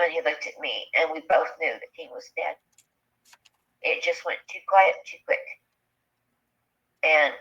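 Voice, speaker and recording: A woman telling a personal encounter story in a halting, earnest way, full of fillers, on a dull lo-fi recording. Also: sits low, fairly bright tone. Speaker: eyewitness sharing an encounter.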